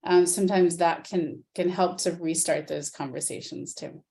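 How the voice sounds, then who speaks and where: A woman parenting coach answering questions in a calm, earnest way, acting out parents and teens in quick quotes. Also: lowish voice, vocal fry. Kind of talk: interview answers.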